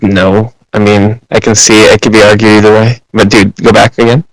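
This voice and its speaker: Flat, low-voiced young man teasing. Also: a little fast, no room sound, poor audio. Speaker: podcast co-host. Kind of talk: casual chat.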